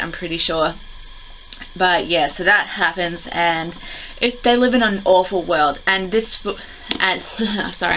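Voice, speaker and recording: Teen girl book vlogger, lowish voice with a sharp bright tone, chatty and rambling delivery. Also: a little hiss or hum, rough recording. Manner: rambling and chatty, heavy on "like" fillers. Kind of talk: casual chat to camera.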